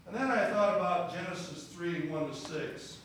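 Preaching a sermon that includes scripture reading, this man has a high, slightly bright voice and speaks at normal speed. He talks with the congregation in a conversational way and asks them questions; the audio is distant and very echoey, with faint room noise.

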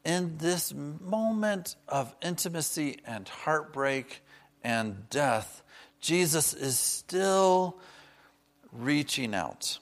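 A man preaching a sermon, earnest and personal, slowing down to stress key words and dropping in chatty asides. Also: fairly high pitch, animated.

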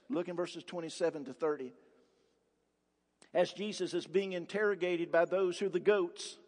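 High-voiced emphatic man preaching. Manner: emphatic preaching, rhetorical questions, repeats words for force. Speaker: pastor. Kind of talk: sermon. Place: church sanctuary. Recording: long reverb of a large church hall.

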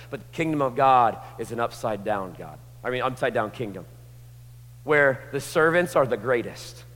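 A man preaching a sermon, moving from hushed, intimate lines to passionate shouting. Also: medium pitch, expressive, normal speed. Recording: long hall reverb.

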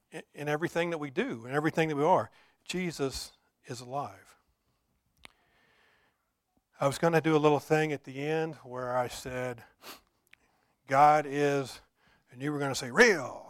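Preaching man with a fairly high voice. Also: dry recording. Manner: builds to emphatic repeated declarations. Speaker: pastor. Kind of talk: sermon.

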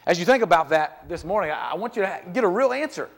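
Man, pastor, high voice, conversational sermon, rhetorical questions, long church reverb. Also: animated, fast. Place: church sanctuary.

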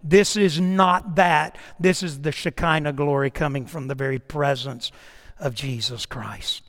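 A man preaching a sermon as pastor, asking the congregation questions, repeating phrases for emphasis and dropping at times to a hushed near-whisper. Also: sits high. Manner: preaching with rhetorical questions and repetition; swings between raised exhortation and hushed near-whispers. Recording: reverberant hall.

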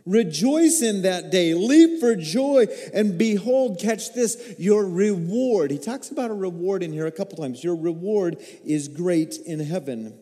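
A middle-aged male pastor delivers a sermon in a high, mellow voice. He tells stories with feeling and swings up into excited, rising peaks. His voice rings through a church hall with a long reverb. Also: a little slow, few pauses.

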